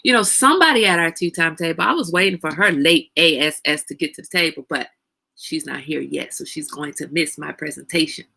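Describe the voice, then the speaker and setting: A woman's voice: deep voice, fairly quick, creaky, pushed and bright. A woman hosting a casual livestream, chatting animatedly, greeting viewers by name and laughing often. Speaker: livestream host.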